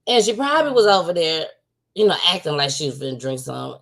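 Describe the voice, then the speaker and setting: A woman's voice: sits low, big pitch swings, fast, creaky, fairly bright tone. A woman hosting a casual livestream talk show. She talks outspokenly and repeats points for emphasis.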